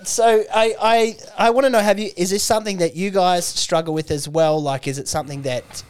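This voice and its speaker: A man cracking crude, blunt jokes in casual comedy podcast banter. His voice sits a little higher than most men's. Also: fairly even intonation, a little fast, darkish tone, smooth.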